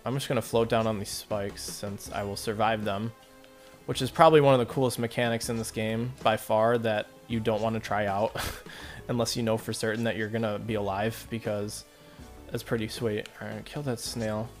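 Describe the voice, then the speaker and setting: A man's voice: fairly low pitch, flat delivery, normal speed, faint music behind. A man rambling through casual gameplay commentary, talking to his viewers and joking at his own expense. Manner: rambling, self-deprecating, talks to viewers. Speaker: let's play commentator.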